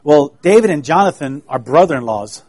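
Gentle man preaching to children. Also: on the high side, lively intonation, a little fast. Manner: gentle, folksy, asks children questions. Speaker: pastor giving a children's sermon. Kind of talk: children's sermon.

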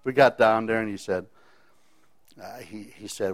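This man's faith testimony comes in a lowish voice with fairly even intonation and a moderate pace. He rambles in a folksy manner and keeps restarting what he's saying.

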